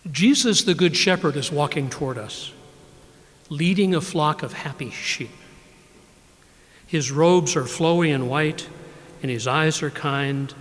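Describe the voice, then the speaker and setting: An older man giving a live poetry reading of his own work, measured and unhurried, often softening his voice. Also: fairly high pitch. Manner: measured, unhurried reading with soft drops in level. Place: library event room, live audience. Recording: reverberant live room recording.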